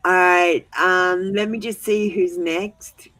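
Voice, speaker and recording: A woman's voice: lowish voice, steady tone, slow pace, fairly bright tone, faint music behind, low-quality recording. A woman hosting a live tarot stream, chatting casually and bluntly with viewers as she manages the chat queue, then reassuring them when they feel ignored.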